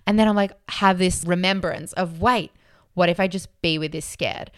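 Animated woman chatting, smooth dry voice. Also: fairly low pitch, normal speed, dry recording. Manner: animated, acts out her own inner voice. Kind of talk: casual chat about mindfulness.

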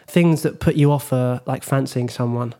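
A man's voice: medium pitch, moderate pace, dark tone. A young man from Britain hosting a podcast, telling rambling stories in casual chat with many fillers and restarts. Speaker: podcast host.

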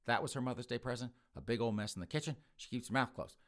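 A podcast host telling a crude comic story in a brash, rambling way. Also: male voice, mid-range voice, fast talker, fairly bright tone, a little hiss or hum.

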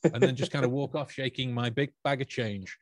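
A man's voice: medium pitch, brisk, no echo. A man, co-hosting a podcast in rambling, chatty conversation full of restarts. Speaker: podcast co-host. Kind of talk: casual podcast chat.

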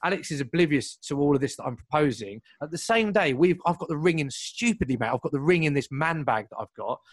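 A young man telling a long story in casual chat, lively and full of asides and restarts. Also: fairly high pitch, no room sound. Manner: animated, fast, piles up asides and restarts.

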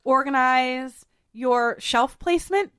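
A chatty woman with a high voice hosts a podcast and walks through cleaning steps. She drops in fillers and laughs along the way. The recording is dry and close, with no room sound. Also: slow pace, a bit bright, clean tone, dry recording. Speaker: podcast host giving cleaning advice. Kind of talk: casual chat mixed with how-to instructions.

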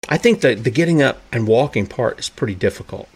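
A man's voice: medium pitch, lively intonation, a little fast, hardly any pauses, slightly rough. A man preaching a sermon who asks his listeners rhetorical questions and acts out the characters in the stories he tells.

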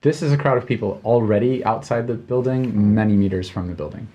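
A man narrating a tabletop game as game master, relaxed and halting, with many fillers. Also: on the low side, lo-fi sound.

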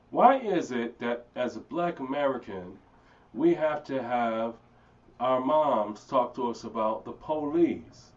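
Laid-back man from Philly, off-mic. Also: mid-range voice. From Philadelphia. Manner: storytelling, animated impressions. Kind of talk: casual chat. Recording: distant mic, dull lo-fi sound.

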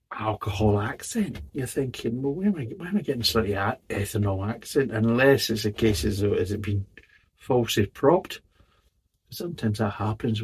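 A lowish, husky male voice talks through a beer review in a loose, rambling way. He is blunt, exasperated and swears freely as he picks the drink apart. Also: a little mellow. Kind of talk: casual spoken review.

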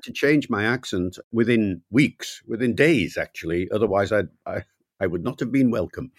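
Older Welsh-raised man, low voice, dry sound. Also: slightly rough, no echo. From Wales. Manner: reflective, anecdotal, measured. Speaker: guest linguist. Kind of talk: relaxed interview storytelling.

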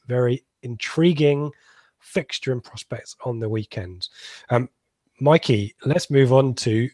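A man hosting a football podcast in a loose, rambling chat, full of ums and easy laughter. His voice sits at an ordinary middle pitch. The sound is dry and close, with no room around it. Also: darkish tone, no echo. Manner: chatty, rambling, laughs often, many ums. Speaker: podcast host.

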